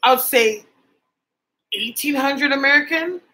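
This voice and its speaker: A woman's voice: sits high, a little slow, bright, forceful tone, rough recording. A young woman from Canada chatting casually with viewers on a livestream as a psychic medium host, reading their comments aloud.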